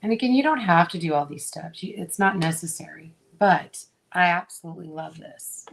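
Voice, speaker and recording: A middle-aged woman hosting a crafting video, chatting casually with viewers as she works and often pausing with fillers. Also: on the low side, expressive, vocal fry, a little hiss or hum. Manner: chatty, talks to viewers while working, frequent fillers.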